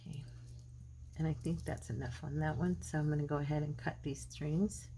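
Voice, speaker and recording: A middle-aged woman with a low, gravelly voice chats through a crafting tutorial. She talks to her viewers and mutters to herself as she works. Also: steady tone, brisk, mellow, slight background noise. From Arizona. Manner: chatty, talks to herself while working. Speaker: craft channel host. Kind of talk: casual crafting tutorial chat.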